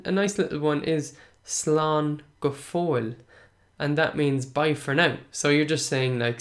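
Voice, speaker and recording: A man's voice: fairly high pitch, unhurried. A man from Munster with an Irish accent, hosting a casual podcast lesson and answering listener questions in a chatty, encouraging way that repeats points for emphasis. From Munster, Ireland. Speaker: podcast host and Irish teacher.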